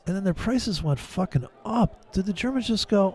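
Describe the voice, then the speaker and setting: A man's voice: high-pitched, huge pitch swings, brisk, hardly any pauses, a little mellow. A man hosting a casual trading stream, rambling and mocking in a profane, joking way. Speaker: livestream trading host. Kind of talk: casual ranting chat with viewers.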